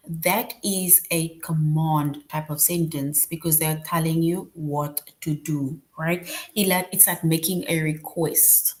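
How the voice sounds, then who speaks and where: Patient woman teaching grammar, low voice. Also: fairly even intonation, takes it slowly. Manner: explains patiently, often checks with "right?". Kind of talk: online grammar lesson.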